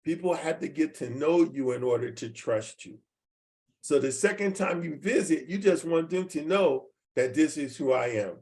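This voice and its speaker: A man's voice: on the high side, moderate pace, a little mellow. A man in his seventies leading a team training over a video call, folksy and repetitive, often checking that the audience follows him. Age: 70s. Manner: folksy, repeats points, asks the audience questions.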